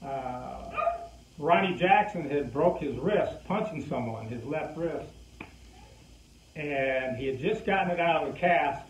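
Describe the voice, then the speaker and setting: An older man, a former pitcher, telling a lively anecdote and acting out the lines of the people in it. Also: unhurried, slight background noise. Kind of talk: anecdotal storytelling. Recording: distant echoey muffled recording.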